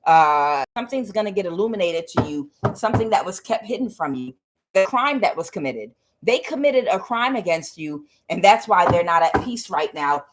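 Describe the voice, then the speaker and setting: A woman doing a tarot reading for her channel viewers, talking casually, swearing now and then and swinging between low mutters and loud excited bursts. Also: moderate pace, noisy background. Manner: swears casually, addresses viewers as guys and y'all. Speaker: tarot reader.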